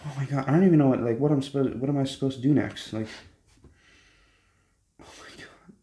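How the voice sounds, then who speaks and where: A young man filming a casual unboxing, excitable and swearing often, jumping between hushed whispers and squeals. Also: medium pitch, racing. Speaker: vlogger.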